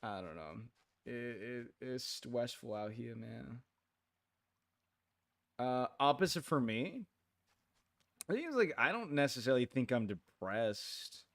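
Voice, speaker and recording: This is a sleepy young guy on a late-night game stream, speaking in fits and starts, circling back and padding with filler words. His pitch is medium and his intonation lively.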